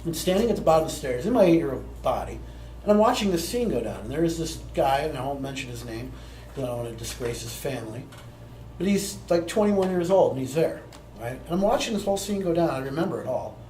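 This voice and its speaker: A man's voice: fairly high pitch, animated, fast talker, mellow, slight background noise. A man in his forties, a plant medicine teacher, telling a personal story to a live group in a conversational way, often checking in with "right?". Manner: conversational, peppered with tag questions. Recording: roomy echo with faint ambience.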